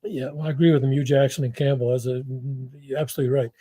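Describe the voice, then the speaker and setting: Quick and warm, with a breathy edge and fairly even intonation, this mid-range male voice belongs to an older former football front-office executive. As an interview guest he tells rambling anecdotes full of restarts and acted-out quotes, with no echo present.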